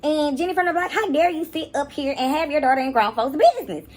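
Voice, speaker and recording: A young woman, giving sassy, animated reaction commentary. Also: high voice, fast talker, noisy background. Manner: sassy, animated, mocking voices at times. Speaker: commentary YouTuber.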